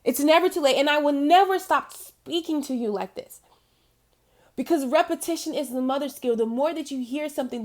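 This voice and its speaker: A woman, an intuitive spiritual guide, speaking to the camera in a motivational talk, emphatic and encouraging, often repeating her key phrases and laughing as she talks. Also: high voice. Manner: laughs often while talking.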